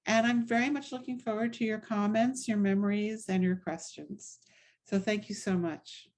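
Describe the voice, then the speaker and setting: A middle-aged woman presents her book at a talk. She tells stories in a loose, conversational way, full of asides, at a middle pitch. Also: fairly even intonation, normal speed, a little mellow. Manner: conversational storytelling with frequent asides.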